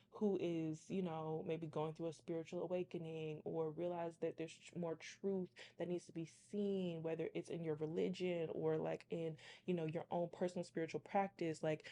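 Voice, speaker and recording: A woman's voice: fairly low pitch, warm tone, a little hiss or hum. A young woman who reads tarot, telling a story to her viewers in a chatty, dramatic way. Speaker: tarot reader and channel host. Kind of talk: casual storytime.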